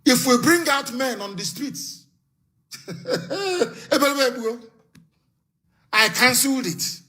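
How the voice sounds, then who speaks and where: A man's voice: very high-pitched, moderate pace, pushed and bright. A man giving an impassioned live broadcast address as a political activist leader, hammering rhetorical questions and issuing stern warnings. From Nigeria.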